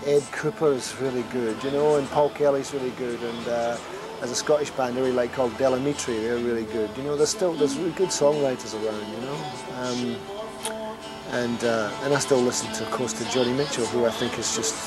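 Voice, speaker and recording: A man who is a singer-songwriter, telling stories in a rambling, amused way and often laughing through his words in a casual interview. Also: medium pitch.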